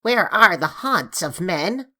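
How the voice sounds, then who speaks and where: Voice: mid-range voice, very animated, slow, bright, forceful tone, voice pushed up, heavily acted. A narrator putting on a small skittish troll. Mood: questioning. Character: small nimble male troll from Elfland, skittish and merry.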